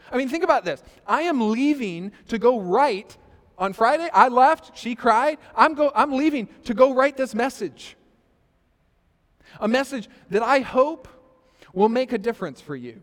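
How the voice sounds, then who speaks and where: Male pastor, 30s, high voice, storytelling sermon, big echoing hall. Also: expressive, normal speed. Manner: storytelling with quoted asides, rising and falling loudness. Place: church sanctuary. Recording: reverberant church hall.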